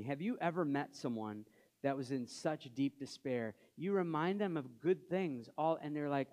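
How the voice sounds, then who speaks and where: A male pastor preaching a sermon in a conversational way, asking the congregation questions and dropping soft for scripture readings. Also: mid-range voice, lively intonation, moderate pace.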